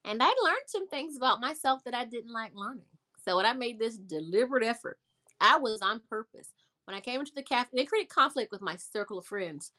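Woman, young adult, conversational storyteller, emphatic, bright forceful voice. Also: fairly high pitch, fairly quick. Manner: animated, emphatic, repeats words for effect. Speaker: guest.

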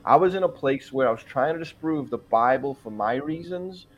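A pastor in his forties shares his conversion story in a podcast interview, speaking earnestly and emphatically and quoting his own prayers. His mid-range voice is expressive and of normal speed, though the highs are cut off.

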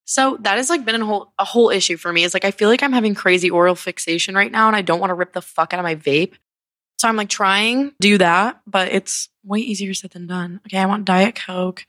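A woman's voice: medium pitch, fairly bright tone, no echo. A young woman hosting a casual podcast, rambling and distracted, swearing often, irritable and with a sore throat. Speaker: podcast host. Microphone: handheld microphone.

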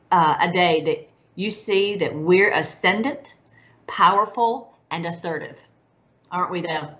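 A woman hosting an online show, talking in an excited, rambling way about religion and current events. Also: fairly low pitch. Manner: excited, rambling, laughs between phrases. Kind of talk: casual religious commentary. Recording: dull lo-fi sound.

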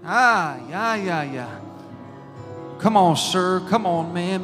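A male pastor preaches with a high, ringing voice. His delivery swings between hushed, pleading passages and loud, fervent bursts. Soft music plays faintly behind him in the sanctuary. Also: animated, takes it slowly. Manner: emotional, rising and falling intensity, speaks in tongues. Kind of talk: sermon with altar call. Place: church sanctuary.

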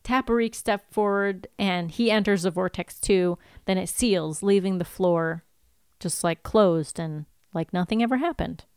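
A woman's voice: medium pitch, measured pace, a little mellow, clean tone, no echo, clean studio sound. A woman co-hosting a podcast, recapping an episode in a chatty, giggly way. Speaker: podcast co-host.

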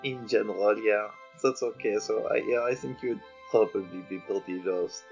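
A man's voice: on the low side, moderate pace, vocal fry, dull audio, faint music behind. A man playing a small, cagey, evasive adventurer. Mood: reassuring. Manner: hesitant, dodging questions.

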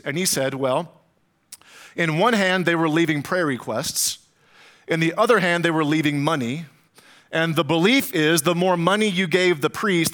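A man preaching a sermon as pastor, telling a travel story with dramatic pauses and comic asides to the congregation. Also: a little high, fairly bright tone.

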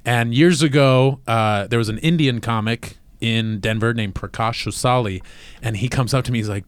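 A man telling stories as a comedian guest in casual podcast chat, laughing loudly and often. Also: mid-range voice, moderate pace, clean tone, no room sound. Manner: loud laughs, animated storytelling.

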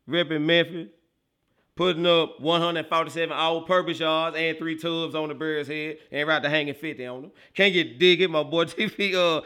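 Man, livestream host, casual football reaction, quick to laugh, loud outbursts, bright edgy voice. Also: on the high side, clear, resonant tone. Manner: excitable, laughs often, bursts into loud outbursts, talks to chat; slangy, animated football banter.

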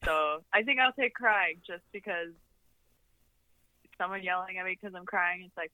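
Bright-voiced giggly woman podcast guest. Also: on the low side, normal speed, pauses often, no echo, low-quality recording. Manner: giggly, easygoing. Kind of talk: casual interview chat.

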